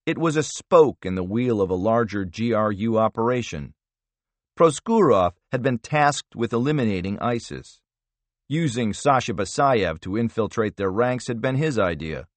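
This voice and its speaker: A man narrating a thriller audiobook in a measured, expressive storytelling manner. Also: lowish voice, no echo. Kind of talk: scripted narration.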